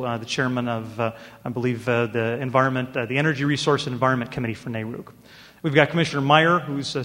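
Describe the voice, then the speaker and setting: A man moderating a conference panel, introducing the speakers with many pauses and light teasing. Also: mid-range voice, fairly bright tone, long reverb tail.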